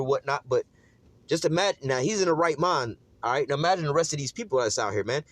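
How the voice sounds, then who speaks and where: A man talks through scripture at a brisk clip, casual and streetwise, leaning on "man" and "all right" between thoughts. His voice sits at an ordinary middle pitch and comes across close and dry. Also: no room sound. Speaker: Bible teacher. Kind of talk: informal scripture study.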